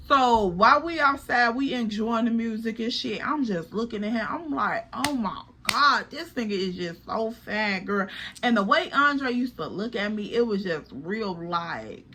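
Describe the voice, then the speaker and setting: Young woman, bright animated storyteller voice, vlog storytime. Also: on the high side. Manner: animated, chatty, profane, addresses viewers as girl. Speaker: storytime vlogger. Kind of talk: casual storytelling.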